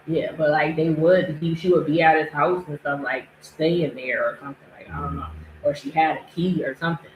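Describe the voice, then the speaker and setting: Woman podcast host, casual reaction talk, mid pitch, roomy echoey sound, faint background noise. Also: fairly quick, hardly any pauses, lo-fi sound. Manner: animated, laughing, acting out quotes. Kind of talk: casual commentary chat. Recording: echoey room.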